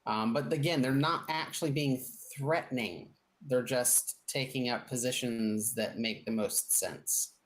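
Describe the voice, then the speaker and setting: Low-voiced woman game master. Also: a little slow, few pauses. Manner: rambling description with many fillers and restarts. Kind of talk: narrating a tabletop game.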